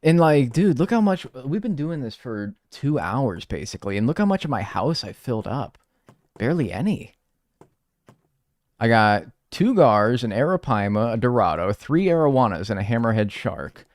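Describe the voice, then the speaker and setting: A man's voice: medium pitch, big pitch swings, moderate pace, no echo, clean studio sound. A young man streaming a game, chatting casually in a rambling, joking and crude way. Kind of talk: casual gaming stream chat.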